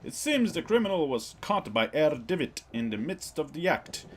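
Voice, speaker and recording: A man's voice: on the high side, very animated, a little hiss or hum. A man reading a formal, grave doctor. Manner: measured, formal, explanatory. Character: older male doctor bringing grim news.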